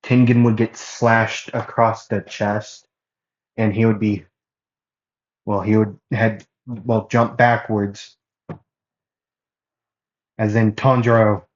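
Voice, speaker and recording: A man with a lowish voice narrates a fan-made story at an unhurried, drawn-out pace. He rambles, fills pauses with fillers and keeps correcting himself. The recording sounds dull and lo-fi. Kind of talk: casual fan-fiction narration.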